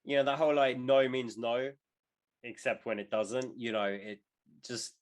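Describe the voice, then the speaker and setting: A man's voice: medium pitch, normal speed. A young man co-hosting a podcast in casual chat, rambling and swearing with jokey asides. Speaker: podcast co-host.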